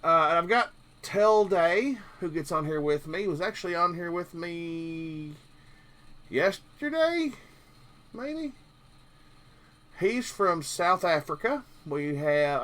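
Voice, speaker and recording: A man's voice: sits high, animated, moderate pace, fairly bright tone. A man from Kentucky with a Southern drawl, hosting a casual live stream and rambling along jokingly with lots of fillers. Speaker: livestream host.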